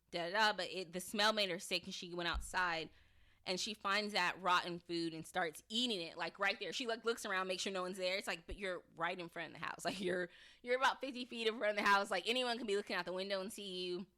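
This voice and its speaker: A young woman hosting a podcast, giving a chatty, animated spoken review and acting out lines from the episode. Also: medium pitch, fast.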